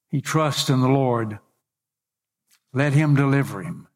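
Middle-aged guy preaching, earnest, voice climbs when he reads the cries, mid pitch. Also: expressive, a little slow, long pauses. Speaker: pastor. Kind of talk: sermon.

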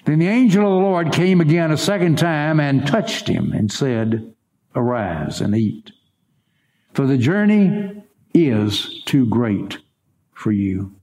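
A man's voice: mellow, echoey room. A man preaching a sermon, reading scripture dramatically and turning aside to speak to his congregation. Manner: dramatic reading with wide swings in pitch. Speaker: pastor.

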